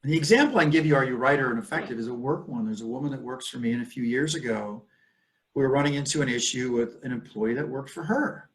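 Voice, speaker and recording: A man in his fifties, a guest in casual conversation, speaking candidly and reflectively. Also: fast talker. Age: 50s. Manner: candid, reflective, mid-pitched.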